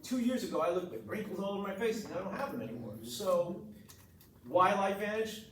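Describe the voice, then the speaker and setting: A man's voice: high-pitched, fairly quick. Blunt middle-aged man, echoey room. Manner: blunt, animated storyteller, acts out quotes. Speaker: chiropractor sharing his story. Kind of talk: testimonial talk to a group. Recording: echoey room, mic far off, noisy.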